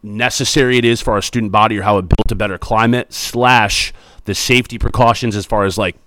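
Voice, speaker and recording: A man's voice: lowish voice, fairly even intonation, brisk, fairly bright tone, a little hiss or hum. A man in his thirties, a school principal, answering student questions in a chatty, upbeat, joking way. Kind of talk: casual interview answers.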